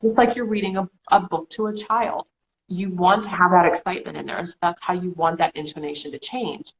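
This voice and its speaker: A woman in her thirties talks through a coaching technique in a relaxed, animated way, checking in often with "okay?" Her voice sits a little low. A faint noise floor runs under the recording. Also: a little fast, low-quality recording. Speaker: co-host. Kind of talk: casual coaching chat.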